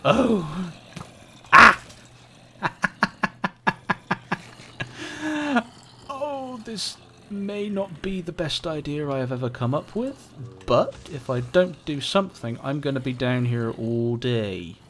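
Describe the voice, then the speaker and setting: Guy doing chill let's-play commentary, slow talker, chats to the mobs and giggles a lot. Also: on the high side, lively intonation, pushed and bright, a little hiss or hum. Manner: playful, chats to monsters, giggles and yelps. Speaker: gameplay commentator.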